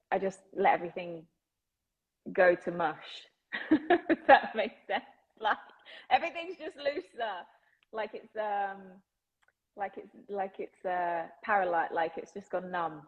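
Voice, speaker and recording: Chatty English actress, laughing easily. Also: female voice, on the low side, phone-quality sound. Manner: chatty and enthusiastic, laughs often. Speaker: actress guest. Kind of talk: casual interview chat.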